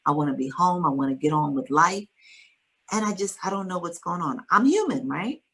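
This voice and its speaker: A woman's voice: lowish voice, expressive, brisk, fairly bright tone, poor audio. A woman guest author telling a personal story in an interview, earnest and emphatic.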